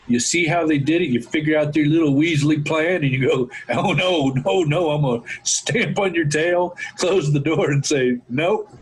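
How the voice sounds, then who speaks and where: Man, talk show host, impassioned rant, husky, slightly high voice. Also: low-quality recording. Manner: ranting, fervent, addresses listeners as folks.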